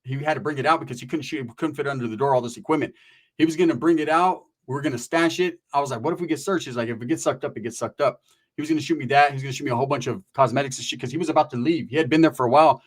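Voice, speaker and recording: A man's voice: medium pitch, rapid-fire. A man from California telling a story in casual, profane street slang, often tagging his sentences with "right?". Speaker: storyteller recounting prison experiences.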